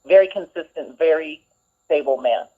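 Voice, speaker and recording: A woman calling in as a guest on a live stream, friendly and flirtatious but quick to defend herself. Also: low voice, lively intonation. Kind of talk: phone-in banter. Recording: tinny phone line.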